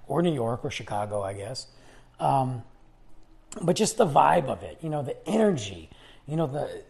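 A man with a medium-pitched, dark voice full of vocal fry hosts his own podcast. In this casual solo monologue he rambles and chats, restarting sentences as his voice gives out.

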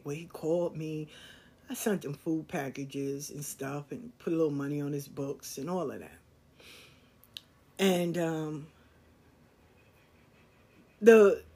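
A woman's voice: medium pitch, breathy edge. A woman, telling a personal story in a blunt, streetwise, emphatic way. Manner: blunt, streetwise, emphatic, swings between loud and hushed. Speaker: caller sharing a personal story.

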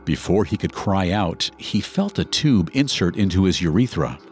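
Man, very low pitch, animated intonation, scripted narration, faint background music. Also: normal speed. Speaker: podcast co-narrator.

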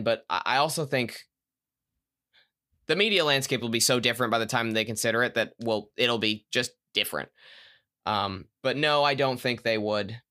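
Young male co-host, bright tone, casual rambling chat. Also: medium pitch. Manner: rambling, self-correcting, enthusiastic. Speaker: podcast co-host.

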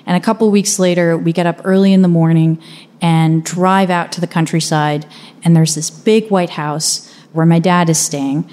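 A woman's voice: on the low side, fairly even intonation, normal speed, a little mellow. A young adult woman from the United States telling a personal story in a conversational, vivid way. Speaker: speaker. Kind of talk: first-person storytelling talk.

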